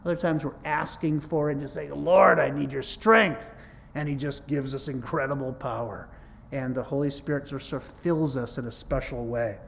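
A man's voice: mid-range voice, fairly even intonation, a little fast, darkish tone, slight background noise. A man preaching a sermon in a conversational but emphatic way, teaching from scripture and stressing points with rises in his voice. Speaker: pastor.

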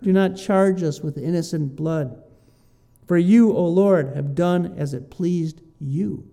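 A man reading Bible verses aloud and explaining them in a lively, conversational teaching style. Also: on the high side, slow pace, creaky. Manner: reads scripture aloud, then explains it with lively asides.

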